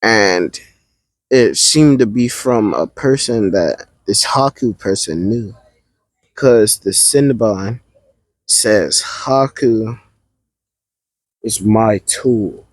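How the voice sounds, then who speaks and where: A man doing a calm, level-headed ninja ally. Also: on the low side, very slow, long pauses, no room sound, poor audio.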